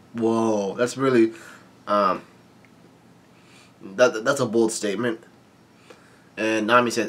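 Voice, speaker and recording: Guy reading a manga chapter out loud, lots of ums and restarts, mid-pitched voice. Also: steady tone, unhurried, pauses often. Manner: rambling, hesitant, many fillers and restarts. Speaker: manga reading channel host. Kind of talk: casual manga read-along with commentary.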